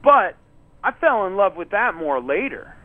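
A touring musician guest telling rambling stories in a casual interview, full of fillers and restarts. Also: male voice, high voice, sing-song, a little slow, dry recording. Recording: tinny phone-line audio.

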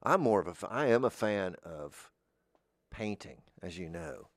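Southern American man, middle-aged, low voice, dry close sound, deadpan rambling talk. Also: a little slow, no room sound. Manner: deadpan, meandering, drifts into goofy voices. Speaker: podcast host. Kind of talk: rambling comedic monologue.

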